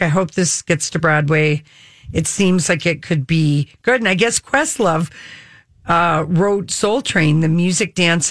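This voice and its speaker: A woman's voice: fairly low pitch, fairly bright tone, no room sound. A Minnesotan woman hosts a radio talk show, chatting and rambling along. Her voice is dry and close to the mic.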